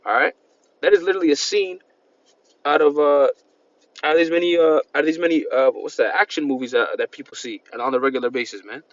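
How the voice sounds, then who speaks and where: A man's voice: a little high, quick pace, dull audio. A man preaching an informal sermon, reading scripture and rambling with constant "man" and "all right" fillers. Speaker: street-style preacher.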